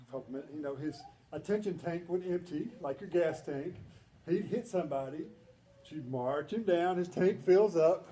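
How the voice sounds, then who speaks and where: A man giving a humorous, storytelling talk at a banquet. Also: high voice. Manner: humorous storytelling, animated quoted voices. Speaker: speaker at a banquet. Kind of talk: conversational presentation. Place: banquet hall. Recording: echoey hall with faint ambience.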